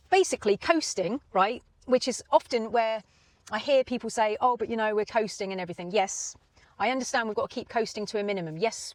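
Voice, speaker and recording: A woman, a driving instructor explaining in a chatty, animated way, often checking in with "right?" and "yeah?". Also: on the low side, poor audio. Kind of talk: explanatory teaching talk.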